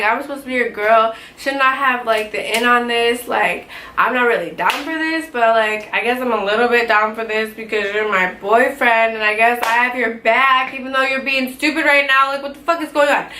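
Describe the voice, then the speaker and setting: Animated young woman, bright echoey voice. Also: on the high side. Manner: animated, heavy swearing, lots of "like". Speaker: vlogger telling a story. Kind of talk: casual storytime vlog. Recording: echoey room with faint ambient noise.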